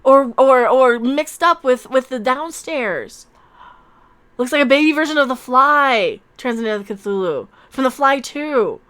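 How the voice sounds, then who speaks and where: A woman's voice: high voice, lively intonation, unhurried, a bit bright, smooth. A woman hosting a live-stream commentary, sarcastic and mocking, laughing often as she reacts to her chat. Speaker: online commentary host.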